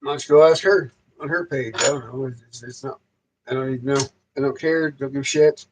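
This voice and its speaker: A man's voice: medium pitch, a little fast, a little hiss or hum, poor audio. A man hosting a casual livestream, ranting loosely and rambling, with heavy swearing and frequent repeats. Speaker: livestream host.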